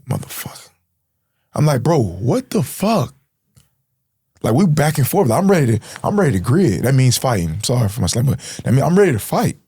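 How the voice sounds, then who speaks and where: A man's voice: medium pitch, mellow, husky, dry recording, clean studio sound. A young man guest on a podcast, telling an emotional story in street slang, saying bro and man a lot.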